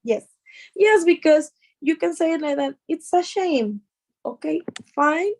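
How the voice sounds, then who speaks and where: Slow-speaking woman English teacher. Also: high voice, lively intonation, a little mellow, poor audio. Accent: Mexican Spanish. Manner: patient, explains with repeated words and fillers. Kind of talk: online class teaching.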